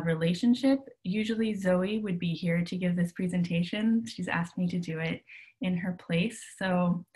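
A woman leading a live online workshop, talking casually over a video call with many ums and restarts. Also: on the low side. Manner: casual, filler-heavy, with frequent restarts. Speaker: workshop leader. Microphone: computer mic on a video call.

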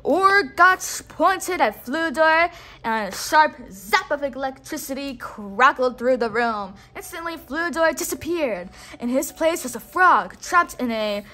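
A woman narrating a read-along storybook, pausing so a listener can repeat words. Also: high voice, lively intonation, sharp tone. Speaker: storytime reader.

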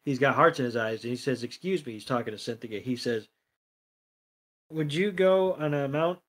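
Man, podcast co-host, sardonic, swears, casual chat, mid pitch. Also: normal speed, a bit bright.

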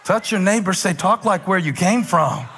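A pastor from South Carolina preaching a sermon, emphatic and energetic, rising to shouts. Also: male voice, sits high, normal speed, creaky, slight background noise. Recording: long reverb of a large hall.

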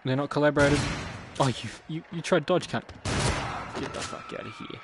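A man streaming a game live, swearing often and yelping and shouting at what happens on screen. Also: on the high side, moderate pace, heavy background noise. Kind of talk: live gameplay commentary. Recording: loud game sound behind the voice. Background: loud video game audio.

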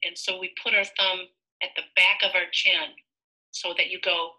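A woman giving a gentle online lesson to young children about making sounds with the mouth. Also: lowish voice, little pitch movement, moderate pace, poor audio.

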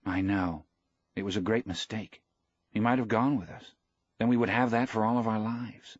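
An earnest, caring young boy from a storybook, raised and eager in tone, as a male narrator puts him on. The voice stays a little husky underneath. It is recorded close and dry. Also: lowish voice, fairly even intonation, normal speed, no room sound, muffled recording, voice pushed up.

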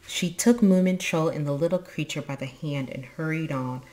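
Lady reading a kids book out loud, low voice, lively. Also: moderate pace. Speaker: storybook reader. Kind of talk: children's book read aloud.

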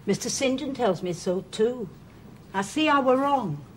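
A plain-spoken older servant woman with a Northern English accent talks in broad dialect with a lively, rising and falling voice. She is blunt but homely, chuckling as she makes amends in an old period drama. A faint hiss sits under the track. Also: fairly high pitch, unhurried. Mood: softening.

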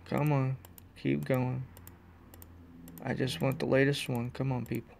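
Rambling, excitable male podcast host. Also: medium pitch, a little slow, gravelly, a little hiss or hum. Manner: rambling, self-deprecating, excitable. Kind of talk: casual solo podcast. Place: in a car on the road.

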